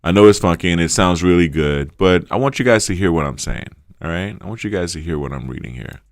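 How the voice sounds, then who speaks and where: Lecturing New Orleans man, lowish voice. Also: lively intonation, quick pace, no echo, studio quality. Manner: repetitive, lecturing, keeps checking in with "right?" and "okay?". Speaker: livestream host. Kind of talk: casual livestream monologue. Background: faint funky music beat.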